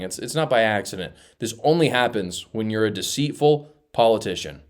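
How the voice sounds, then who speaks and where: A man's voice: fairly low pitch, lively intonation, moderate pace, hardly any pauses. Sarcastic male commentary host. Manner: sarcastic, emphatic, addresses viewers directly. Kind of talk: opinionated commentary.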